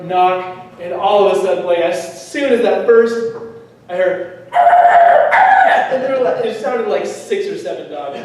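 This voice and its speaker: A young man telling a lively testimony story at church, chatty and laughing often. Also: high-pitched, slight background noise. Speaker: youth speaker. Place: church hall. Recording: echoey hall from far off.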